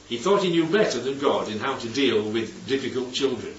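A man's voice: medium pitch, expressive, brisk, hardly any pauses, fairly bright tone, slight background noise. A man preaching a conversational sermon, often throwing rhetorical questions at his listeners. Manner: chatty, asks the congregation rhetorical questions. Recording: echoey hall, distant, dull mic.

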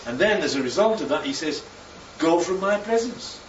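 A man's voice: high-pitched, lively intonation, normal speed, slight background noise. A man from northern England preaching a sermon in a chatty, joking way, often asking the congregation questions. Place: church hall. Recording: echoey church room, distant mic, dull sound.

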